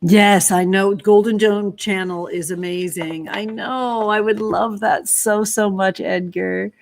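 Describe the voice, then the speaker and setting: A woman's voice: mid-range voice, steady tone, slow, creaky, no echo. A woman hosting a casual livestream, greeting viewers in chat by name and gushing over them with terms of endearment, with the odd casual swear. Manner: gushing, affectionate, calls viewers sweetie. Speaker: livestream host reading chat.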